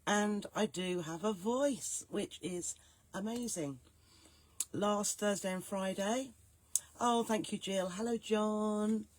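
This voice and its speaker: A woman hosting a live stream, hoarse and gruff from a cold, chatting and greeting viewers by name. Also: mid-range voice, takes it slowly, slight background noise. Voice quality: soft, growly, gruff. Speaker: host.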